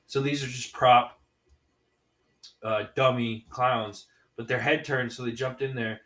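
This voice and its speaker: A man recapping a horror movie in a loose, rambling way, full of restarts and "man." His voice sits at an ordinary pitch. The room is echoey and he is a little distant from the mic. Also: steady tone, a little slow, fairly bright tone. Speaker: podcast co-host reviewing movies.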